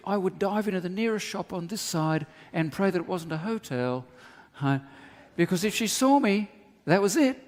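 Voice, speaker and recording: An Australian man preaching in a church hall, his fairly high voice carrying a long reverb. He tells lively stories with humorous asides. He sounds middle-aged. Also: moderate pace. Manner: animated storyteller, humorous asides. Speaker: pastor. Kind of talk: sermon.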